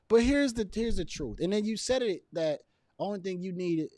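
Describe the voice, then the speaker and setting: Animated man ranting into a dry mic. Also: sits high, a little slow, pauses often, no room sound. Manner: emphatic, repeats his points, chuckles between lines. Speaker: video commentator. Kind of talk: casual opinion commentary to camera.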